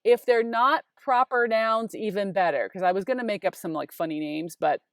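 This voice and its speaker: An upbeat woman in her forties teaches English in a chatty, casual online lesson. She talks straight to the viewer in a mid-pitched voice. The recording is dry and close, with no room sound. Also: moderate pace, dry recording. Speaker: high school English teacher.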